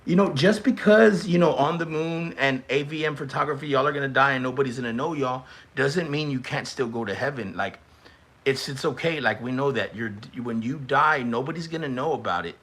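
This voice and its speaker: A young man hosts a live stream and reacts to roasts in chat. His voice is bright and forward. He talks in a loose, teasing way, and now and then he shouts or stretches a word out for effect. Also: medium pitch, fairly quick, slightly rough. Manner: excitable, teasing, shouts and stretches words at big moments. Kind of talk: casual live-stream commentary.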